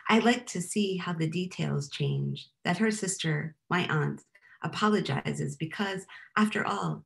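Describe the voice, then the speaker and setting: A woman poet giving a live poetry reading, with a wry deadpan delivery and chatty asides between poems. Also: low voice, creaky.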